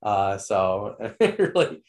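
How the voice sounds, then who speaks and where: A man's voice: on the low side, very animated, very slow. A man hosting a podcast interview, rambling with lots of fillers, enthusiastic, and losing his voice. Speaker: podcast host. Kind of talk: casual interview wrap-up.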